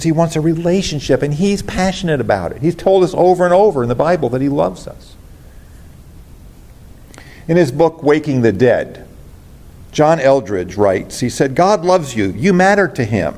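A man's voice: fairly high pitch, lively intonation, normal speed, dark tone. Earnest man preaching a sermon. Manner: earnest, preacherly, calls on the congregation. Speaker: pastor.

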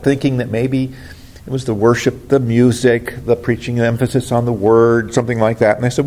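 A middle-aged man delivers a sermon from the pulpit in an earnest, direct preaching manner. His voice sits at an ordinary middle pitch, and he keeps turning to the congregation with rhetorical questions. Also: steady tone, brisk, darkish tone. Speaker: pastor.

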